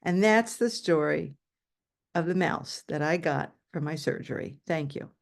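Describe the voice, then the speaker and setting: An older woman telling a personal story with animated exclamations, over a video call. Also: low-pitched, a little slow, gravelly.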